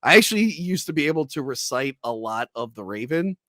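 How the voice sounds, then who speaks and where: A man's voice: mid-range voice, expressive, a little fast, a bit bright, no room sound, studio quality. A man hosting a casual movie review podcast. He rambles, with many fillers and restarts. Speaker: podcast host.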